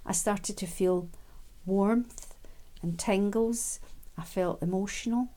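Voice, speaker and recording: A woman giving a gentle, unhurried self-help talk, with frequent ums and quiet laughs. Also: mid-range voice.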